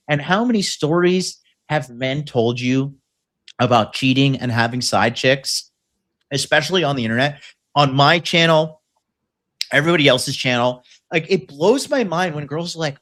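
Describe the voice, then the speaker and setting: A man's voice: fairly high pitch, expressive, normal speed, long pauses, a bit bright. A man hosting a podcast, talking in crude, blunt, rambling banter and provoking his co-host.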